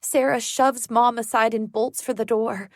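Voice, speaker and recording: A woman narrating a thriller audiobook in the first person, measured and tense. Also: fairly high pitch, steady tone, dry recording, clean studio sound.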